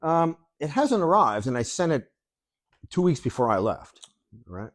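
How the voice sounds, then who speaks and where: A man co-hosting a podcast, telling a story in a casual, animated way, laughing often and swearing freely. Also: on the high side, measured pace. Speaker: podcast co-host.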